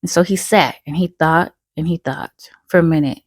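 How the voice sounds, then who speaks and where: A woman's voice: sits low, normal speed, no room sound. A woman hosting her channel, telling a story in a chatty, loose way full of fillers. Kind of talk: casual spoken storytelling.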